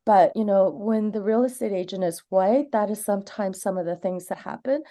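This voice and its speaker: A woman's voice: mid-range voice, moderate pace, dark tone. A woman in her forties, who grew up in Canada, gives earnest, candid personal testimony during public comment. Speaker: community member giving public comment.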